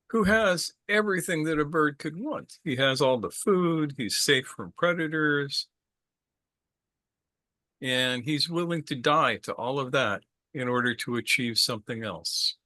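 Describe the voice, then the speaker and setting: A man's voice: fairly high pitch, expressive, unhurried, bright, forceful tone, no echo. A man telling a traditional story to a group in a casual way, repeating words and stopping to ask questions.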